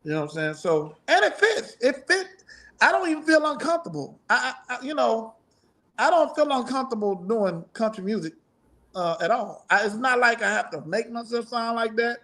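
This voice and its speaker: A man's voice: very high-pitched, animated, normal speed, a bit bright. A middle-aged man, a musician guest in a casual interview, talking in a rambling, profane way and laughing often.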